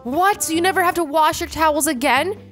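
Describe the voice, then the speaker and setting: A young woman in her twenties doing a casual reaction vlog at home, bubbly and animated, acting out quick little scenarios. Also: very high voice, soft background music. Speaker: YouTuber reacting to invention ideas.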